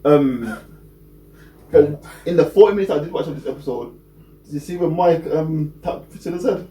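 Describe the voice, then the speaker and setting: A young man co-hosting a casual podcast, recapping events in a quick, slangy way. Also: a little high, mellow. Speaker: podcast co-host. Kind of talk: casual chat. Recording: echoey room, mic at a distance, faint hum.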